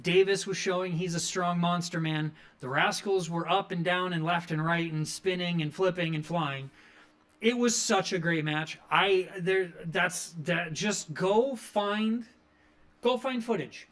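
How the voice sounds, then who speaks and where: High-voiced rambling man recapping wrestling. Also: a little slow, fairly bright tone. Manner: rambling, enthusiastic, frequent fillers. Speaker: wrestling review podcast host. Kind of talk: casual recap commentary.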